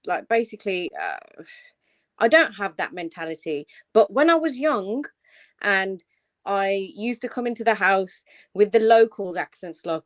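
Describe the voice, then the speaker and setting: A woman hosting a casual livestream panel over a video call, teasing and joking with her guests. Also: medium pitch. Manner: playful, teasing, jokey.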